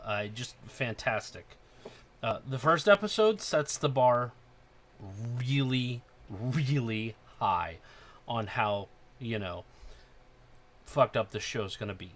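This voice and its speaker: A man hosting a casual podcast chat, excited and profane, getting loud when he acts out scenes. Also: medium pitch, slow pace. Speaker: podcast host.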